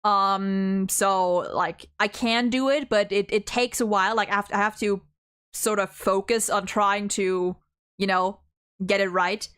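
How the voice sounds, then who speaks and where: A German-born woman streaming a courtroom game, thinking aloud with excitable outbursts and stumbling restarts. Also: medium pitch, measured pace, smooth. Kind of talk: let's-play commentary.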